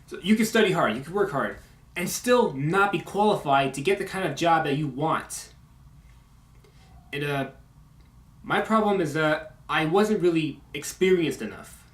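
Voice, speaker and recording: Halting young man in an echoey room. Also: a little high, expressive. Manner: halting, many uh and you know fillers; strong S sounds. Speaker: YouTube video maker. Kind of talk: casual update talk.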